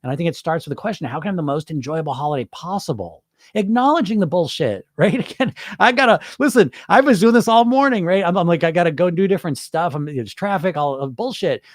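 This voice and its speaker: A man's voice: a little high, lively intonation, fast, dry recording, clean studio sound. A man hosting a live stream as a hypnotherapist, chatting casually with viewers and swearing freely. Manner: informal and chatty, with frequent swearing and laughs.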